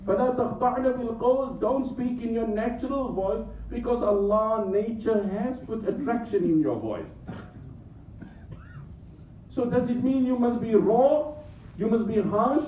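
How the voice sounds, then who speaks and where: High-voiced man preaching in an echoey hall. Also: a little hiss or hum. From Africa. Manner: impassioned, joking asides, rapid Arabic recitation. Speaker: Islamic scholar. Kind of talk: sermon. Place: large mosque hall. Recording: echoey hall, distant mic, dull sound.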